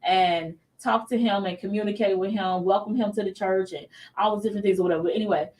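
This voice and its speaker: A woman host in her thirties chats through a faith talk show and tells stories with real animation, slipping into the voices of the people she quotes. Her voice sits at an everyday middle pitch. She is recorded a little way back from the mic. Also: fast, far from the mic, low-quality recording. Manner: animated storytelling, acts out quoted dialogue.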